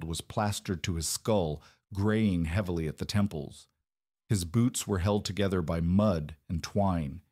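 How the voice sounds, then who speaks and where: A man narrating a story in a measured, descriptive way. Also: on the low side, darkish tone, dry recording, clean studio sound. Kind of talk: scripted narration.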